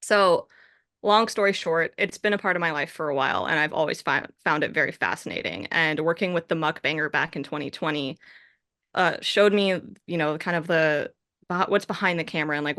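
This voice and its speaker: Bright, clear-voiced chatty woman director. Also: low voice, brisk, no room sound, studio quality. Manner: chatty, rambling, self-correcting. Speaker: film director. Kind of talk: casual festival Q&A answers.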